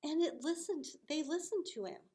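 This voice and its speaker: A woman teaching children, telling a story with lively acted-out voices and hushed asides. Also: high-pitched, normal speed. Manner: animated, acts out voices with big swells.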